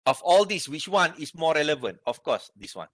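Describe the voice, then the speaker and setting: A man's voice: on the high side, big pitch swings, brisk, a bit bright, no echo. A man with a Malaysian English accent, lecturing university students on research methods and explaining things step by step. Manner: explains step by step, asks the class if they have questions.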